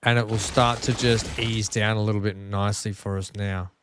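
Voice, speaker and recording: With a lowish voice and flat delivery at a normal speed, an Australian streamer plays a building game at home while background noise runs underneath. He chats with viewers and complains about his track, poking fun at his own frustration.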